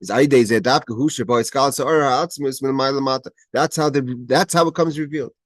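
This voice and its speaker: Guy teaching torah on a video call, mid-pitched, dry close sound, keeps restarting, reads hebrew then explains it. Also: fast, no room sound. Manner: mixes Hebrew quotes with English explanation, frequent restarts; grows emphatic at key points. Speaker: teacher leading a Torah study class. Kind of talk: explaining a Hebrew text line by line.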